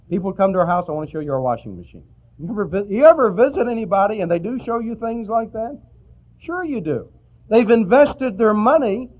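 Man, preacher, lively sermon voice, folksy storytelling, thin phone-like recording. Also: sits high. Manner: folksy, anecdotal, chuckling asides. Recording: tinny, phone-like old tape.

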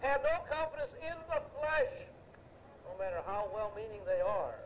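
An older man delivers a sermon in a high, lively voice, driving points home with repetition and homespun stories. Faint noise sits under the recording. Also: normal speed, low-quality recording. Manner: emphatic, anecdotal, repeats phrases for effect. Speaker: preacher.

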